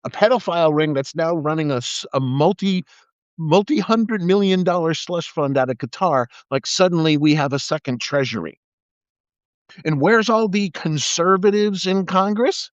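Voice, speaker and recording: Animated and on the high side, a middle-aged ex-cop speaks at normal speed while hosting a live video, firing off a profane, sarcastic political rant with mocking impressions. It's recorded on a phone or webcam, sounding dull and dry.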